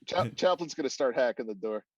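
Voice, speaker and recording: A man's voice: medium pitch, expressive, fairly quick, a little mellow, husky, no room sound, far from the mic, muffled recording. A man playing a tabletop game, talking in an easygoing, somewhat hesitant way. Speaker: player.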